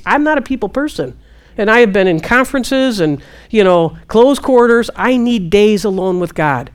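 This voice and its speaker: Animated woman preaching casually. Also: normal speed. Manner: animated, quotes God in hushed low voice. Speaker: Christian minister answering questions. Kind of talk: casual spiritual teaching.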